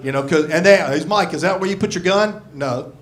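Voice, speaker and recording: A man's voice: sits high, brisk, a crowd in the background. Profane grumpy comedian in his sixties. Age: 60s. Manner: profane, self-deprecating, grumpy. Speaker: stand-up comedian. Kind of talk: stand-up comedy set. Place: comedy club stage. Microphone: handheld microphone. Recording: live comedy club with audience laughter.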